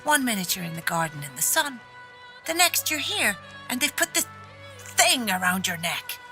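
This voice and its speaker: A woman's voice: a little high, takes it slowly, bright, forceful tone, faint music behind. An actress voicing a terrified woman in a game, gasping and out of breath as she pleads to be left alone. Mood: panicked. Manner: frantic, choking and fearful.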